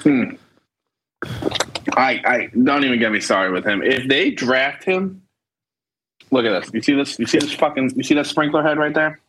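A man with a husky, breathy voice, venting on a podcast about his sports teams. He talks in a loose, profane, exasperated rant, piling on insults as he builds up steam. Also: medium pitch, normal speed, long pauses, a bit bright, poor audio. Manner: ranting, heavy swearing, exasperated. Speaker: podcast co-host. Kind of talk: profane casual sports chat.

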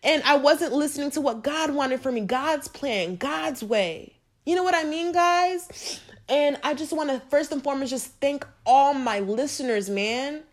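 A woman's voice: high voice, expressive, unhurried. A young woman hosting a podcast, talking earnestly and emotionally about faith straight to her listeners. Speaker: podcast host. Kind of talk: heartfelt faith talk.

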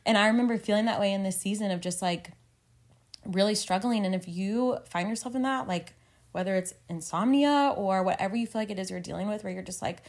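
A woman's voice: mid-range voice, fairly quick, a little mellow. A woman in her thirties co-hosting a faith podcast, talking earnestly and at length with lots of filler words. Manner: earnest, rambling, many "like" fillers, emotional. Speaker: podcast co-host. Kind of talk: casual faith podcast chat.

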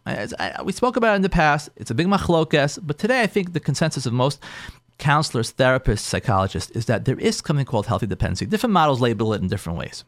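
A man who hosts an advice show as a rabbi talks in a fairly high voice that swings widely in pitch. He makes each point emphatically, repeating himself and acting out what spouses say. The sound is dry, with no room echo. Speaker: rabbi and show host giving marriage advice. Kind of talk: advice talk to listeners.

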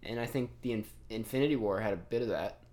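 A man's voice: fairly low pitch, fast, a little mellow. A young man hosting a podcast, chatting in a playful, casual way and laughing easily. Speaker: podcast host. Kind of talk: casual chat.

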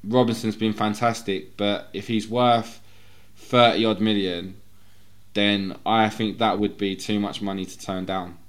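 A man talking as a guest on a casual football podcast, earnest and heartfelt, with a halting delivery. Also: on the low side, fairly even intonation.

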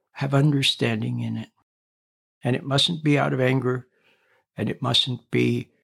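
A man hosting a reflective radio talk, speaking in a calm, repetitive, teaching way. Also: on the high side, creaky, husky.

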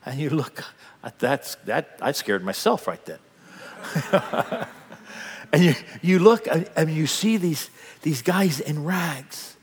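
A man preaching a sermon in a dramatic, animated way, acting out the scene as he goes. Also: fairly high pitch, slow, slightly rough, long reverb tail. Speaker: pastor.

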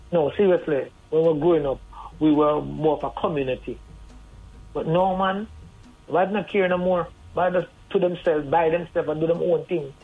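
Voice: medium pitch, breathy edge. A radio guest, giving earnest, conversational advice over the phone. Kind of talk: radio call-in talk. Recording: tinny phone line over faint music.

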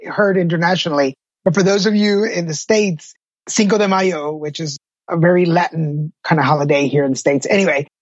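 A man's voice: sits high, slightly rough, dry recording, highs cut off. A middle-aged man, a patient advocate, telling his personal story in an interview, earnest and candid. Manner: earnest, candid, self-deprecating.

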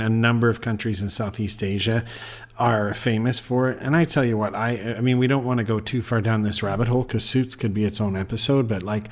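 A man co-hosting a podcast, chatting casually and giving direct practical travel tips. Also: medium pitch. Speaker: podcast co-host.

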